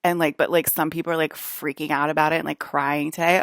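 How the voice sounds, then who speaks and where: A woman's voice: low-pitched, level tone, fast talker, few pauses, no room sound, clean studio sound. A woman vlogging in a casual, rambling monologue, filling every phrase with "like" and restarting her sentences. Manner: rambling, heavy use of "like", frequent restarts.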